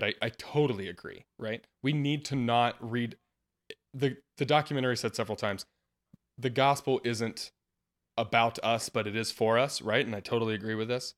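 Male podcast host, earnest and lively in casual discussion, laughs often. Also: mid-range voice, normal speed. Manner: earnest, laughs often, animated when quoting.

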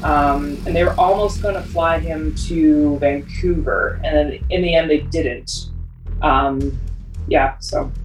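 A woman's voice: low voice, takes it slowly, reverberant, distant mic, soft background music, low-quality recording. A woman telling a story in casual interview talk, with plenty of fillers. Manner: chatty, with many fillers.

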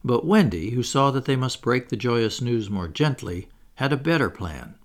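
A man's voice: medium pitch, lively intonation, normal speed. A man reading a children's story aloud, with wry asides to the listener. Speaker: audiobook reader. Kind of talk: scripted narration.

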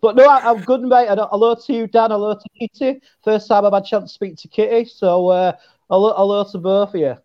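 A man's voice: sits high, fairly even intonation, a little fast, lo-fi sound. A man from England, a podcast guest chatting casually, joking and laid-back, calling people mate.

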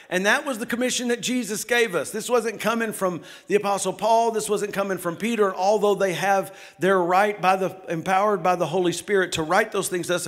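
Fast, excited high-voiced preacher. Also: male voice. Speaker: lead pastor. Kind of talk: sermon. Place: church sanctuary.

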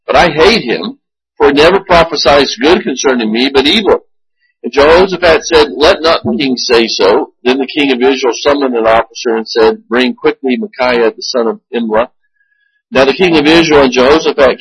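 A man's voice: medium pitch, fairly bright tone, husky, no echo, rough recording. A male pastor teaching a Sunday school class, reading scripture aloud and then explaining it in plain asides.

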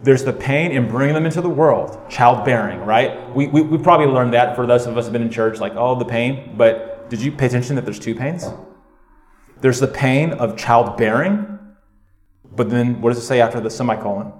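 A male pastor preaching a sermon to his congregation, animated and conversational, with quick asides to the listeners. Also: mid-range voice. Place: church sanctuary. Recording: roomy echo.

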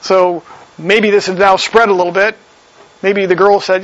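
A man's voice: high voice, level tone, moderate pace, fairly bright tone, dry recording. A man preaching a sermon in a conversational way, reading verses aloud and explaining them. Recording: slightly dull lo-fi recording.

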